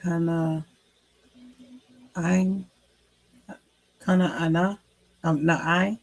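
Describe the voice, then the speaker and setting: A woman student answering in a scripture class, hesitant and halting, politely addressing the teacher. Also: lowish voice, level tone, a little mellow.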